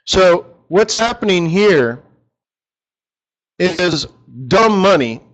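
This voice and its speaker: A man's voice: sits high, expressive, drawn-out words, dull audio. A man leading a live forex strategy session, chatty and joking, talking straight to his viewers.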